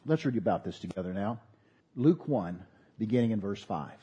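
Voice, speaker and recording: A pastor preaching a sermon, earnest with folksy asides. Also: male voice, on the low side, expressive, moderate pace, dark tone, breathy edge, highs cut off.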